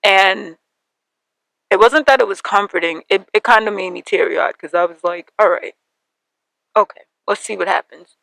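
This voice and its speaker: A young woman hosting a podcast, telling a personal story in an animated way and acting out the voices of her family. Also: mid-range voice, moderate pace, vocal fry, long pauses, dry recording, poor audio. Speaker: podcast host.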